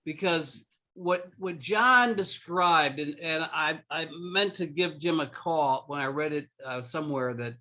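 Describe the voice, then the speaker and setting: A man's voice: fairly high pitch, measured pace, sharp tone. A man giving jovial, earnest remarks at a club meeting. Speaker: club member.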